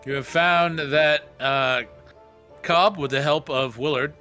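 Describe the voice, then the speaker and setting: A man narrating as game master with relaxed, slow descriptive narration. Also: on the high side, soft background music.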